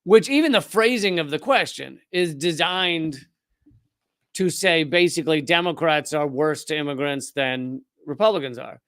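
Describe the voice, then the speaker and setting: A man from Richmond, Virginia with a Southern US accent, hosting a live political commentary stream and talking back to the chat in a sardonic, rapid way with frequent restarts. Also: a little high, a bit bright, no room sound, clean studio sound.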